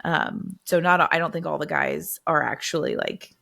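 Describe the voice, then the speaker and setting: A woman's voice: low voice, expressive, moderate pace, gravelly, fairly bright tone. A woman co-hosting a podcast, casually retelling scenes from a romance novel, chatty and full of "like". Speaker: podcast co-host. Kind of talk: casual book review chat.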